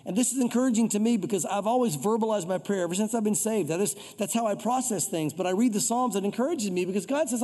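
High-voiced husky preaching man. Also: quick pace, few pauses, dark tone. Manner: acts out scripture and prayer in quoted voices; informal, chatty preaching. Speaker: pastor. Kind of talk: conversational sermon. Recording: long hall reverb.

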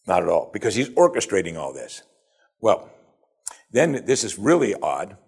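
A man preaching a sermon with a husky, slightly breathy voice. His pitch rises and falls freely as he explains scripture in a chatty, conversational way, and he slips into the voices of the people he quotes. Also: sing-song, moderate pace, darkish tone. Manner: conversational, acts out quoted speakers.

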